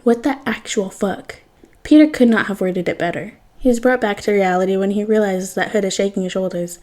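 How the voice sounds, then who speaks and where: A woman reading fan fiction aloud in a wry, expressive way. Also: medium pitch, brisk. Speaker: podfic reader.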